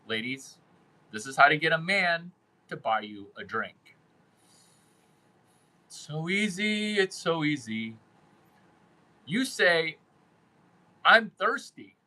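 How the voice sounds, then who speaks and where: Man, brash, crude, repetitive, unhurried pace, bright tone, casual monologue. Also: fairly high pitch, animated, poor audio. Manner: brash and crude, repeating phrases for emphasis. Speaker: host giving dating and sales advice.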